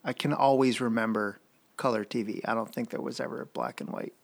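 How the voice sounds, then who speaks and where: A middle-aged man co-hosting a podcast, easygoing and a bit halting as he chats. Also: medium pitch, creaky. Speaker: podcast co-host. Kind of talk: casual chat.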